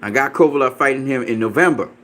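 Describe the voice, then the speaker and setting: In a reaction video, a man with a medium-pitched, fairly bright voice rants quickly about boxing. As a commentator he's profane, combative and dismissive, repeating himself and laughing mockingly.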